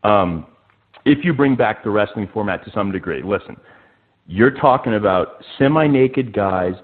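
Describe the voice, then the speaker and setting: A man calling into a radio show, making a hesitant, salesy pitch. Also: expressive, moderate pace. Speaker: caller. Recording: tinny phone line.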